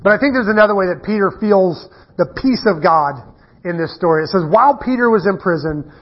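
A man's voice: sits high, animated, a little fast, breathy edge. A middle-aged man preaching a conversational sermon, telling stories in a casual, self-deprecating way with frequent restarts. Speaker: pastor. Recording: dull muffled lo-fi recording.

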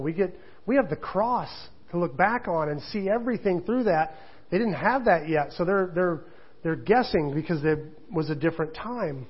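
Male pastor, middle-aged, fairly high husky voice, conversational sermon with self-deprecating humor, muffled recording.

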